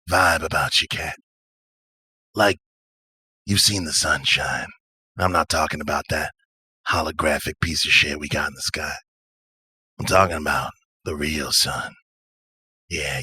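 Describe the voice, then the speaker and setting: A man's voice: a bass voice, fairly even intonation, measured pace, pauses often, sharp tone, breathy edge, no echo, voice pushed down, full character voice. A man playing a drawling, laid-back mind-reader. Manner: drawling, easygoing, probing.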